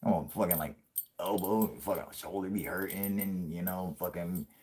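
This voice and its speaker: Late-30s male streamer, low register, profane loose banter, joking and laughing. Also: fairly even intonation, moderate pace, slight background noise. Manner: crude, profanity-heavy rambling with frequent laughs; puts on a yelling grumpy old man for jokes. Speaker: live stream host. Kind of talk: casual live-stream chat.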